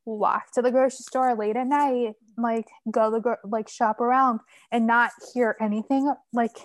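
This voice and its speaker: A young woman with a slightly raised pitch talks in a relaxed, chatty way, dropping "like" into most sentences. The recording is dry and close, with no room sound. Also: moderate pace, dry recording. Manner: relaxed and chatty, heavy use of "like". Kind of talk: casual chat.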